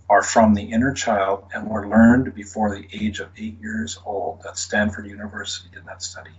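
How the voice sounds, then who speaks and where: A man who works as an energy healer, softly coaching someone through a guided healing session and often dropping to a whisper. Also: lowish voice, expressive, moderate pace, hardly any pauses. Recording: dull lo-fi with faint hiss.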